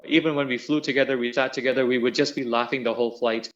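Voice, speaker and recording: Male interview guest, animated storyteller who laughs often, muffled lo-fi audio. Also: medium pitch, fast. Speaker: guest musician. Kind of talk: casual reminiscing interview. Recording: dull lo-fi audio.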